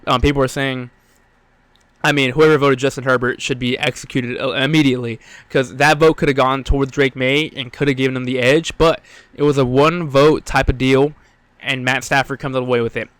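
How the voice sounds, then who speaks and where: A man's voice: mid-range voice, a bit bright, clear, resonant tone, no room sound. Winded young man ranting on a sports podcast. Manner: rambling, filler-heavy, blunt and profane. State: out of breath. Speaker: podcast host. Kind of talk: solo sports podcast rant.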